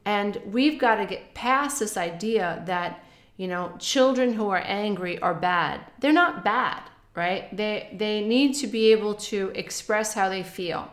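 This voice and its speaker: A woman's voice: mid-range voice, unhurried, reverberant. A woman talking casually to camera about emotions and healing, soothing and repetitive, often speaking in affirmations. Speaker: spiritual wellness teacher. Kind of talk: casual advice monologue to camera.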